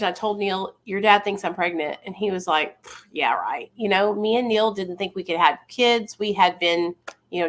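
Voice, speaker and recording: A woman's voice: mid-range voice, fairly bright tone. A woman in her thirties, a vlogger casually telling viewers a personal story in a chatty, confiding way.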